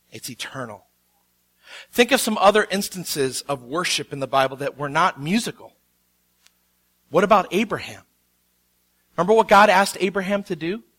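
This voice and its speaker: A man in his thirties preaching a sermon, telling a story with animated quotes. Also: sits high. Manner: animated storytelling, acts out quotes with rising intensity. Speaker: pastor.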